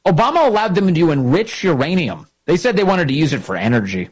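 Male political host, husky and highly animated, mocking and indignant in delivery. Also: fast, hardly any pauses. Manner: animated, mocking, rising to loud indignant peaks. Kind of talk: opinionated political commentary.

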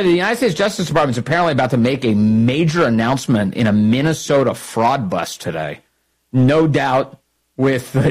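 A man with a husky, slightly breathy voice hosts a political talk show, mocking his targets and pressing his points hard. His pace jumps in quick bursts between sharp jabs. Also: medium pitch, poor audio. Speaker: political commentary host.

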